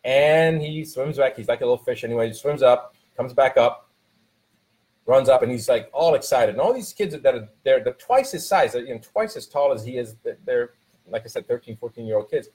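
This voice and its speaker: A man's voice: medium pitch, lively intonation, brisk, a little mellow, rough recording. Father telling a rambling story. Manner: rambling storytelling with many restarts, rising to emphatic coaching. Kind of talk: casual motivational talk.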